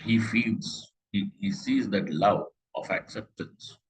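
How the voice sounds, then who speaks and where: A middle-aged man giving a scripture class, talking conversationally with rhetorical questions and slow Sanskrit quotes. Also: on the low side, expressive, low-quality recording. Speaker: Vedanta teacher.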